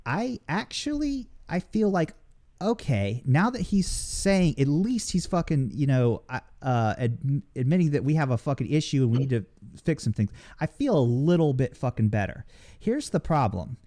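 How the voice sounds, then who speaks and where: A man's voice: on the high side, big pitch swings, moderate pace, warm tone. A man on a casual panel chat, ranting with heavy swearing and many restarts. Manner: profane, ranting, lots of restarts.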